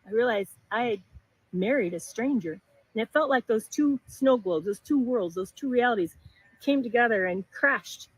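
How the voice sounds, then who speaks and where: Middle-aged woman, personal storytelling, earnest, halting restarts, dry close sound. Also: on the high side, lively intonation, husky, no echo, rough recording.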